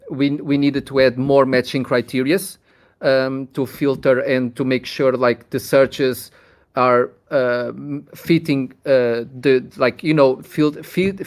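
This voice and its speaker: Community manager, mid-pitched man, halting and wordy, voice chat mic. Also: fairly even intonation. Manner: hesitant, many restarts while explaining at length. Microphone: computer mic over online voice chat.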